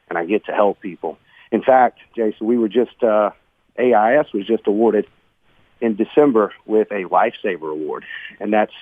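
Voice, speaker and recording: A man's voice: lowish voice, no echo. A middle-aged man telling his story as a guest in an interview, earnest and emotional, often saying "man" and "bro.". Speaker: guest, business owner. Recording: tinny phone-like sound.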